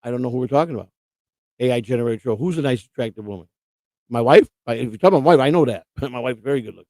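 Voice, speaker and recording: A man's voice: mid-range voice, rapid-fire, darkish tone, no echo. A middle-aged man hosting a live stream, rambling and combative in casual chat. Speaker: livestream host.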